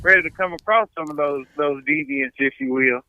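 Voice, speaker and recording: A man, a stand-up comedian guest, telling stories in a casual chat, animated, repeating his words as he goes. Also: on the high side, fairly quick, no echo. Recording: dull, lo-fi dry sound.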